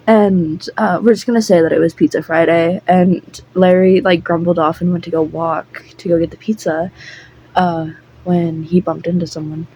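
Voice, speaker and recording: A young woman narrating a casual fan audio story in a rambling, halting way with many fillers. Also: on the low side, flat delivery, darkish tone, slight background noise, poor audio.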